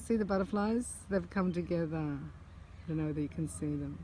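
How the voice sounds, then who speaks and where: A woman and psychic channeler, telling a personal story in a chatty, animated way outdoors. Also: sits low, brisk, a little hiss or hum. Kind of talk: casual storytelling vlog. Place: outdoors among butterflies.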